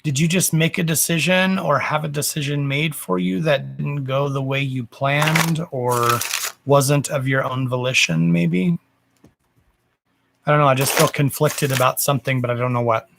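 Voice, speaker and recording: A man with a gravelly, creaky voice hosts a live card-reading stream, joking around and swearing casually. He chats warmly with his viewers, calling them darling and love. A clear hiss of background noise runs under the voice, along with the clicks of shuffling cards. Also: fairly high pitch, fairly even intonation, normal speed. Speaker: psychic medium doing live card readings.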